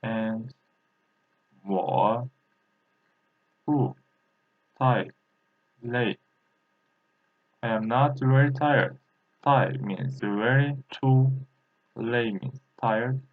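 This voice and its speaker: A man, a native Turkish speaker, giving a language lesson in English, halting and repeating words slowly with many fillers. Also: medium pitch. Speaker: language teacher. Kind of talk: slow spoken language lesson. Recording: tinny phone-like audio.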